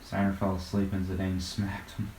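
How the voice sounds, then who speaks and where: A man's voice: deep voice, monotone, moderate pace, darkish tone. A man joining a game playthrough as co-commentator, tossing in dry, sarcastic quips between casual remarks. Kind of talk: casual chat over gameplay. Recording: distant mic in an echoey noisy room.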